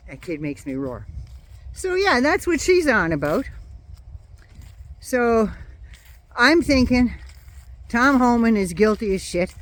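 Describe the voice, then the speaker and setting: An older woman vents in a casual, blunt monologue, sarcastic and quick to swear. Her pitch swings widely as she talks. She has a runny nose from a cold. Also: very animated. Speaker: vlogger. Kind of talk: casual political rant.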